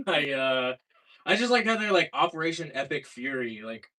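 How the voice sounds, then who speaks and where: Halting young man doing stand-up. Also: fairly high pitch. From Seattle. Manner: deadpan, halting, many filler words. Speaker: stand-up comedian. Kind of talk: stand-up set at an open mic. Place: small comedy club room.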